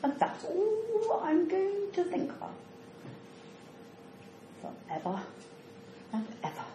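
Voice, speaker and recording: Woman playing a bewildered old lady with dementia, stammering, high voice, roomy echo. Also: very animated, slow pace, noisy background, heavily acted. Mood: withdrawn. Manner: flustered, stammering, panicky. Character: confused elderly woman with dementia in a care home.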